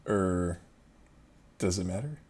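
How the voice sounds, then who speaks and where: Husky, hesitant man at the game table. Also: deep voice, animated, takes it slowly, a little mellow. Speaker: player. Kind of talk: casual tabletop game chat.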